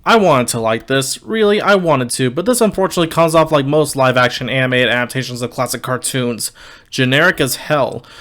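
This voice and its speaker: Young male film reviewer with a slightly raised pitch and a candid, wry delivery. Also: a bit bright. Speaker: movie reviewer. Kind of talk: casual video review.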